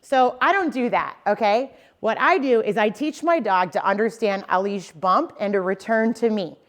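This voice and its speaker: A woman's voice: medium pitch, moderate pace. A young adult woman dog trainer giving a casual, explanatory lesson to dog owners and often checking in with "okay?" and "right?". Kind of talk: instructional talk to dog owners.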